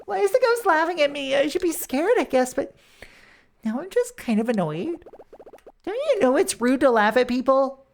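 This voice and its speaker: A woman's voice: high-pitched, big pitch swings, moderate pace, vocal fry, a little hiss or hum, full character voice. A woman reading a frank, spirited teenage girl's lines from a game in a blunt, exasperated way. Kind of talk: reading game dialogue aloud.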